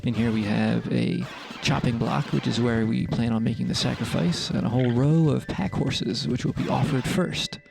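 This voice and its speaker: A man narrating a roleplay game session in a casual, wry, deadpan way. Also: medium pitch, moderate pace, vocal fry, hardly any pauses, over music.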